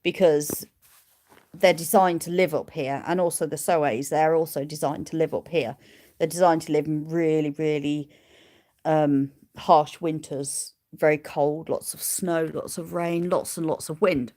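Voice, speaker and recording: Low, warm and steady, her voice unfolds at a measured pace. She's a sheep keeper hosting a relaxed livestream, responding to viewers and cooing at the animals around her.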